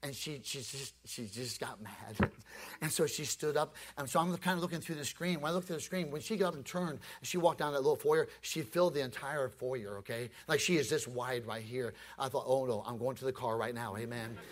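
A male preacher telling a story in a sermon, animated and acting out the scenes. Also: mid-range voice, a little fast.

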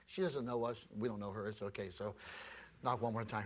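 A male preacher telling a story in a sermon, animated and acting out the scenes. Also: medium pitch, quick pace, slightly rough.

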